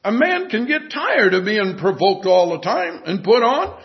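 High-voiced man preaching a sermon. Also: big pitch swings, normal speed, few pauses. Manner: emphatic preaching that drops to hushed tones. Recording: dull lo-fi sermon recording.

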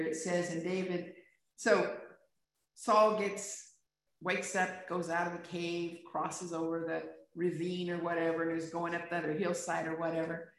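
A woman preaching a sermon, retelling a scripture story in plain words and asking the listeners rhetorical questions. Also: fairly low pitch. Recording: very echoey room, distant mic.

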